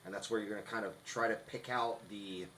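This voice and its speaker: A man's voice: lowish voice, fairly even intonation, a little fast, bright, forceful tone, a little hiss or hum, rough recording. A man co-hosting a podcast, explaining rehearsal tips in a casual, instructive way. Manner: instructive, restarts often. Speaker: podcast co-host.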